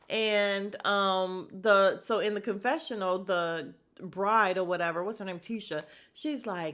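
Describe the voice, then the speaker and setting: Gossipy woman recapping reality TV. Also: mid-range voice. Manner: animated, gossipy, acts out quotes. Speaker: podcast host.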